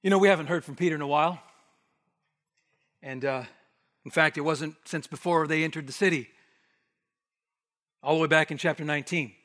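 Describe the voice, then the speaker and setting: A man preaching an expository sermon, emphatic, rising to forceful bursts and dropping to hushed asides. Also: a little high, a little fast, pauses often. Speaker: pastor. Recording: long hall reverb.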